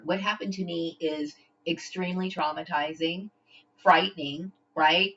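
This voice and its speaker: A woman speaks in a fairly low voice, confronting someone directly and punctuating every point with "okay?". She stumbles and restarts when upset. The recording sounds dull and lo-fi, like a home camera. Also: steady tone, measured pace, a bit bright. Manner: confrontational, repeats "okay?" often. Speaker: vlogger.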